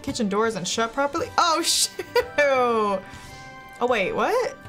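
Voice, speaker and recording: A high-voiced young woman chats her way through a video game on a live stream, laughing easily and talking to her viewers. Her pitch swings widely, her pace stays relaxed, and game music plays faintly behind her. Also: takes it slowly. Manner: chatty, giggly, talks to chat while playing. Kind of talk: casual live-stream gameplay chat.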